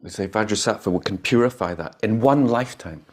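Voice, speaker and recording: Guy giving a buddhist dharma talk, lowish voice, laughs a lot, swears a bit, really animated. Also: a little fast. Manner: laughs often, animated and emphatic, swears casually. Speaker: meditation teacher.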